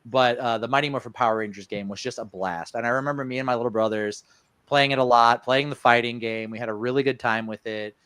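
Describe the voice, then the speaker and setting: A man co-hosts a casual podcast chat at a middle pitch, rambling and filling gaps with ums and uhs. His voice sounds dry and close, with little room sound around it. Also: fairly even intonation, quick pace, fairly bright tone, smooth, no room sound. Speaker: podcast co-host.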